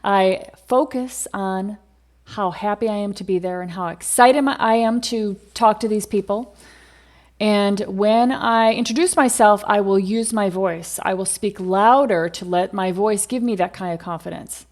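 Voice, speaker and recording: A woman's voice: medium pitch, measured pace, darkish tone. A woman hosting a podcast, upbeat and encouraging as she gives advice. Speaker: podcast host. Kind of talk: casual podcast chat.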